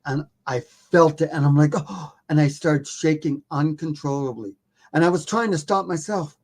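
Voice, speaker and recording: Animated, self-mocking male storyteller. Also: on the high side, normal speed. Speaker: podcast guest, documentary filmmaker. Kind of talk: casual storytelling.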